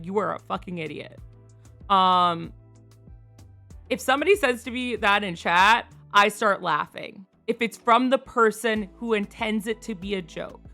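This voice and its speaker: A woman streamer chatting casually on a live stream, frank and quick to laugh, swearing freely. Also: mid-range voice, sharp tone.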